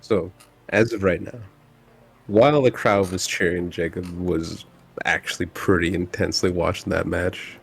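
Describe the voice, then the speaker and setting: Deep, gravelly male player. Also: steady tone, soft background music. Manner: laid-back, filler-heavy, halting. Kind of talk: casual tabletop role-play.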